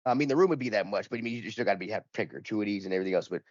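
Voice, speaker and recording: A man's voice: fairly low pitch, racing, darkish tone, no room sound, highs cut off. A man in casual podcast chat, telling a rambling, profane anecdote and acting out the dialogue in it. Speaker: podcast panelist.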